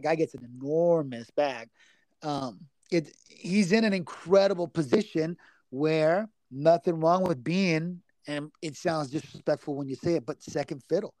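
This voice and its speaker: A man's voice: fairly high pitch, a little slow, a little mellow, no echo. A man co-hosting a casual sports betting podcast, talking loosely, swearing freely and stumbling over fighters' names. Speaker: podcast co-host.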